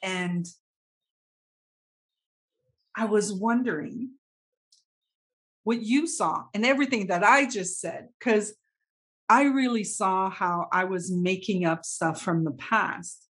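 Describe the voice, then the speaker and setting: A woman recounts a personal experience in a halting, heartfelt way. She often restarts her sentences and her voice carries emotion that at times turns tearful. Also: mid-range voice, fairly bright tone. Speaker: participant sharing a story. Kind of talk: personal sharing in a group talk.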